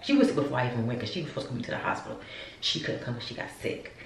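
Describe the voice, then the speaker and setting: A woman's voice: extremely low pitch, very animated, racing. A woman vlogging from home, chatting casually and talking straight to her viewers. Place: upstairs room at home. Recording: roomy echo, mic at a distance, faint background noise.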